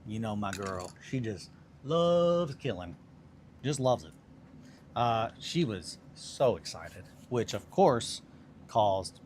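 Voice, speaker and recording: A man with a lowish voice chats casually while he glues and builds miniatures on a hobby stream. He tells his stories in a rambling, self-deprecating way. A steady hum of background noise sits under his voice. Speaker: hobby livestream host.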